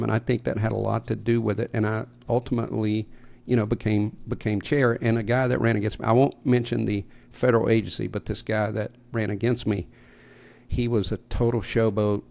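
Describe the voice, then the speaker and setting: A man's voice: lowish voice, level tone, fairly quick, gravelly, a little mellow. A middle-aged man co-hosting a podcast, telling stories in a sarcastic, casual way. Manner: sarcastic, storytelling. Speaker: podcast co-host. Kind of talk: casual conversation.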